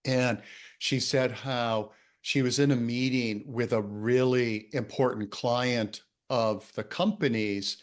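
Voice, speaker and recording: A man, a coach and author, telling a story in a casual conversation, animated and laughing often. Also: medium pitch, slow pace.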